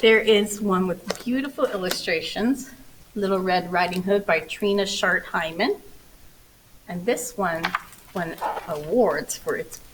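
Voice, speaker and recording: A woman librarian reading a storybook aloud to children, expressive and animated, with playful asides. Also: lowish voice, a little slow, noisy background.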